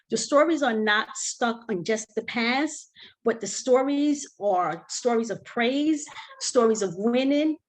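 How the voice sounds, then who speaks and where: Fervent higher-voiced woman giving testimony. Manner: fervent, repeats key phrases. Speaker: coauthor. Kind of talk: testimony in a book talk.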